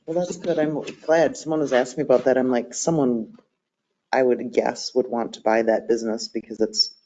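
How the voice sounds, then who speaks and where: A man's voice: mid-range voice, fairly even intonation, moderate pace, mellow. A man on a local board chatting in an easygoing way about a local business. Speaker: board member. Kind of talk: casual meeting chat. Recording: dull lo-fi recording with faint noise.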